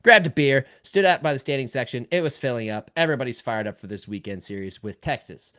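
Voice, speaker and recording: A man from Cleveland co-hosting a podcast, telling a long story in a lively way that swings between loud outbursts and quiet asides. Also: mid-range voice, fast talker. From Cleveland, Ohio. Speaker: podcast co-host. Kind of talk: casual chat, telling a story.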